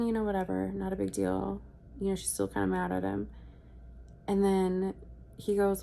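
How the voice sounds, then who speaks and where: Sick, chatty young woman with vocal fry. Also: medium pitch, a little mellow. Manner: chatty, swearing, fast asides and quoting people. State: sick with a virus. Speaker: vlogger. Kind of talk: casual storytelling vlog. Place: hotel room, in bed.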